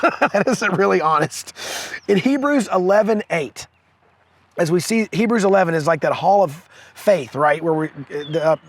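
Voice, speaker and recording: A man hosting a fathering video series, giving an earnest, casual devotional talk with chuckles and quoted scripture, recorded outdoors on location. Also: high-pitched.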